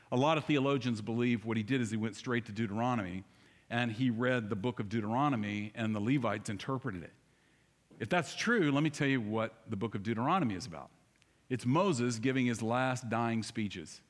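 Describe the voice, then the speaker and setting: A man delivers a sermon from a church pulpit, his pitch sitting in an ordinary middle range. He talks straight to his congregation and fires off rhetorical questions. His voice rings out with a long reverb through the big sanctuary. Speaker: pastor.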